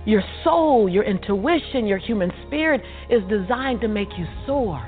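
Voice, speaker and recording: A woman's voice: mid-range voice, expressive, normal speed. A woman telling her personal story in conversation, with an emphatic, repetitive preaching cadence. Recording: tinny phone-like audio with faint music.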